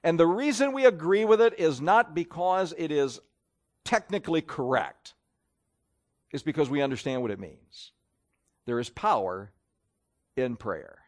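A man's voice: fairly high pitch, sing-song, a little slow, long pauses. A man preaching a sermon, emphatic and folksy, asking the congregation rhetorical questions.

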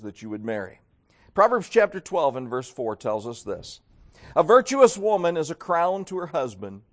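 A middle-aged man delivers a sermon in a folksy, storytelling way, acting out the lines of the people in his stories. His voice sits a little on the high side for a man. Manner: folksy storytelling with acted quotes. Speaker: pastor.

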